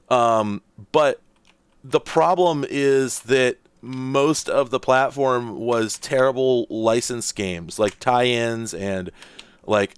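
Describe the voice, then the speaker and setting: A man's voice: mid-range voice, smooth, dry recording. A man hosting a casual let's-play, rambling and thinking aloud with lots of fillers as he plays. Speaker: host.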